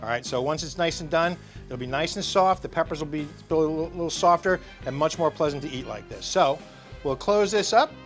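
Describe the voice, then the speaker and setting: Fairly high-voiced male cooking host at a grill, eager and chatty, faint music underneath. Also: expressive, fairly quick. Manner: enthusiastic, chatty, talks to the camera. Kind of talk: casual cooking demonstration. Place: outdoor grill.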